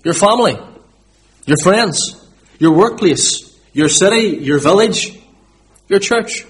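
High-voiced Northern Irish preacher. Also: male voice, expressive, slow pace. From Northern Ireland. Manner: emphatic, repeats key words. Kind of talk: sermon.

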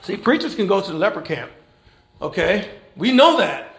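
High, gravelly-voiced preacher in echoey room. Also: male voice, moderate pace, slight background noise. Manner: animated preaching with rhetorical questions and repeated phrases; folksy Southern American church phrasing. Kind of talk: sermon. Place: church.

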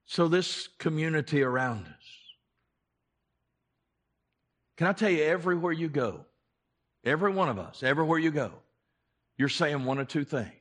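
Pastor, male, high and bright voice, impassioned and repetitive, addresses the congregation directly. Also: lively intonation, normal speed, pauses often. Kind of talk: sermon.

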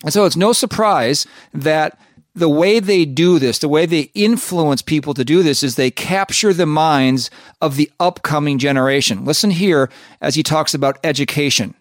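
A man's voice: a little high, moderate pace, dry recording, clean studio sound. A man hosting a show and commenting skeptically on clips, asking rhetorical questions. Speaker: show host.

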